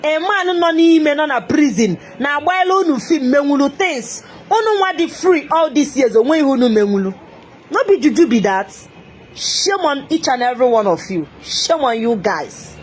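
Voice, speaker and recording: A woman's voice: sits high, very animated, normal speed, slight background noise. A woman with an Igbo Nigerian accent ranting on a live stream, taunting and laughing, repeating her jabs. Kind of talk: mocking live-stream rant mixing Igbo and English.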